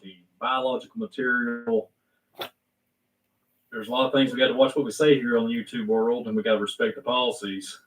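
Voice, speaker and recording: A male host in loose, rambling chat who keeps correcting himself and filling gaps with "you know." His voice is mid-pitched and sounds a little far from the mic. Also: flat delivery, a little fast, slight background noise. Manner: rambling, self-correcting, full of fillers. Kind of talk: casual talk-show chat.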